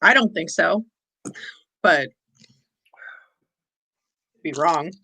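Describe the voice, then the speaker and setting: A woman's voice: on the low side, expressive, drawn-out words, pushed and bright, breathy edge, low-quality recording. A woman in her twenties, a guest on a casual livestream chat, speaking with a dry, sarcastic edge. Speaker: stream guest.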